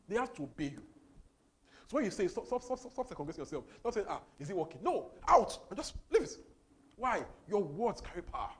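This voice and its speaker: Man, preacher, high-pitched, very lively intonation, exclamatory, laughing often. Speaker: preacher leading a Bible study. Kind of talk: lively sermon commentary.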